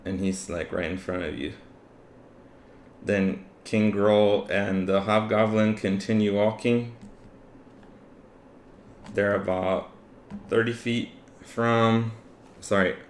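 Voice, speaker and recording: A man running a tabletop game as game master, narrating the scene in a relaxed way with many fillers. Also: on the low side, slow pace, long pauses. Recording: echoey room with faint ambient noise.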